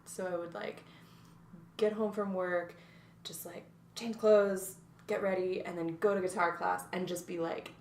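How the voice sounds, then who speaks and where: Speaking unhurriedly in a lowish, darkish voice with fairly even intonation, a woman in her twenties from North Carolina, USA, reflects during a casual interview chat. She uses many fillers and restarts. The echoey room, distant mic and faint noise mark the recording.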